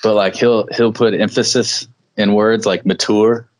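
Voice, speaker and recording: A man co-hosting a podcast in casual chat, telling relaxed stories and mimicking people for laughs. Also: fairly low pitch, normal speed, low-quality recording. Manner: laid-back storyteller, mimics people for laughs. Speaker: podcast co-host.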